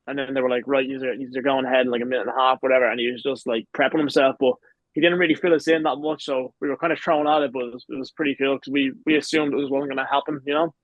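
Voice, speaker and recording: This podcast guest, a pro wrestler from Ireland in his twenties, talks at a quick pace with medium pitch and fairly even intonation. His casual chat is full of long rambling stories and free swearing. The audio is dull, with no room sound.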